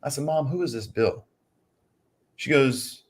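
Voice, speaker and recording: A man's voice: medium pitch, measured pace, breathy edge. A man co-hosting a casual advice chat, rambling through a story and calling viewers "guys". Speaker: co-host. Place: lives in California.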